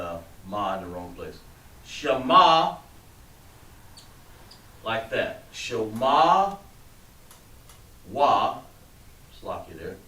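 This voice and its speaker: A man's voice: lowish voice, a bit bright. A man teaching a class, patiently coaxing students and trailing off as he writes on the board. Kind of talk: classroom instruction. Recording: roomy, distant mic with background noise.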